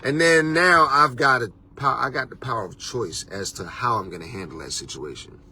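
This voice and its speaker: A man's voice: mid-range voice, moderate pace, sharp tone, breathy edge. A man hosting a motivational talk as a life coach, preachy and casual, with street slang and repeated "you understand".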